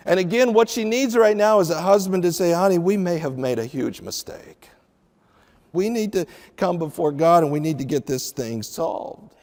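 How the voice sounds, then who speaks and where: A man's voice: on the high side, a little slow, in a large hall. A man preaching a sermon, teaching from the Bible and acting out the lines of the people in the story with feeling. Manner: expressive Bible teaching with acted-out dialogue. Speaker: pastor.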